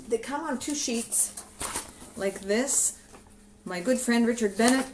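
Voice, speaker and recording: A music teacher talking to her own camera in a relaxed, explanatory way, walking teachers through classroom rhythm activities. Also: medium pitch. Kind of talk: instructional video talk. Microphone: camera she films herself with.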